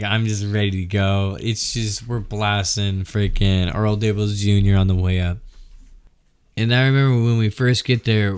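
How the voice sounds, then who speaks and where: A man's voice: fairly low pitch, smooth. A man telling a rowdy story casually, laughing often and peppering it with swearing. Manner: animated, laughs often, swears and says "freaking".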